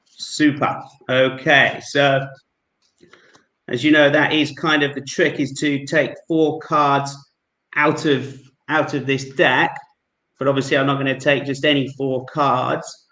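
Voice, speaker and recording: A man's voice: medium pitch, level tone, takes it slowly, sharp tone, reverberant, poor audio. Friendly man with a London accent. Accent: London English. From England. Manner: polite and friendly, narrates each move. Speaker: guest amateur magician. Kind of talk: casual card-trick performance with patter.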